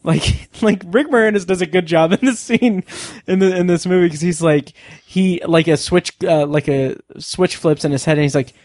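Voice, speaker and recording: A man's voice: high-pitched, moderate pace, few pauses, darkish tone, dry recording, studio quality. A man co-hosting a podcast in casual chat, rambling with lots of fillers and restarts. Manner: rambling, many fillers and restarts, laughs often. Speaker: podcast co-host.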